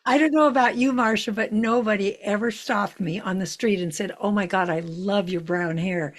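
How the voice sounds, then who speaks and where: A woman's voice: mid-range voice, normal speed. An older woman hosting a casual interview show, upbeat and encouraging toward her guest. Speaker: podcast host.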